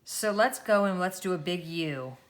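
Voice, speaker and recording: Female art teacher for a kids' drawing lesson, slightly low voice, gentle and encouraging as she draws. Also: expressive, normal speed.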